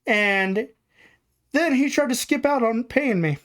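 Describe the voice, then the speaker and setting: A woman's voice: a little high, slow pace. A woman co-hosting a podcast, ranting bluntly about a customer in casual chat, swearing freely. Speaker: podcast co-host.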